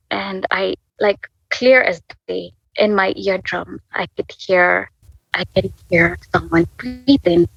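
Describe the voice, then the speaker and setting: A woman's voice: mid-range voice, lively intonation, creaky, a bit bright, breathy edge, no room sound. Woman in her twenties, emotional faith story, stop-start phrasing, dull dry sound. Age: 20s. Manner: halting, many restarts, laughs through tears. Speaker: guest sharing a faith story. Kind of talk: emotional personal testimony.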